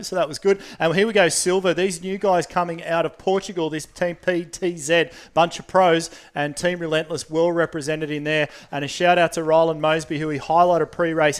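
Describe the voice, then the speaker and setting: Man, cycling commentator, quick play-by-play, fairly high voice. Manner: quick play-by-play, rises in excitement at sprints. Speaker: race commentator. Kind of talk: sports commentary.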